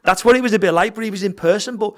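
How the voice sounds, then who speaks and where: A middle-aged man tells a story in a casual podcast chat, with a voice that sits fairly high for a man. He swears a lot and acts out what each person said. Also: racing. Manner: swears freely, tells the story with quoted dialogue. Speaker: guest, fighter and gym owner.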